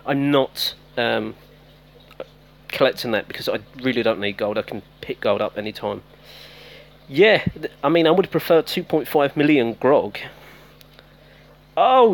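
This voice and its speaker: A man giving casual live-stream commentary on a mobile game, chatting with viewers by name. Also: fairly high pitch. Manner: chatty, talks to viewers by name, self-teasing.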